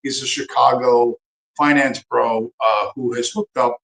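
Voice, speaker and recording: A man's voice: mid-range voice, fairly even intonation, unhurried, gravelly, a bit bright, roomy sound, poor audio. A man hosting a livestream, ranting angrily with heavy profanity and repeating his phrases for emphasis. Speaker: livestream host. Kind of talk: angry profane rant on a livestream.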